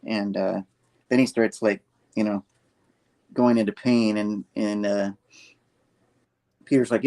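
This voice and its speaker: A man's voice: fairly low pitch, steady tone, unhurried, gravelly, long pauses, a little mellow. A man hosting a podcast, casually retelling a comic book with lots of fillers and restarts. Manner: rambling, filler-heavy retelling. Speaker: podcast host.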